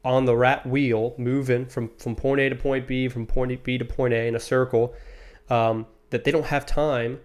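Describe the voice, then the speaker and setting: A young man co-hosting a casual podcast, speaking at a middle pitch. He keeps it laid-back, drops dude often, and softens his points before making them. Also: little pitch movement, moderate pace. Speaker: podcast co-host. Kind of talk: casual chat.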